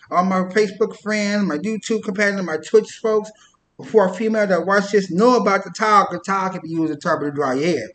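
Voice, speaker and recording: A man's voice: high-pitched, fairly quick, fairly bright tone, echoey room. A man talking casually to the camera for his channel, rambling and interrupting himself. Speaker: YouTuber.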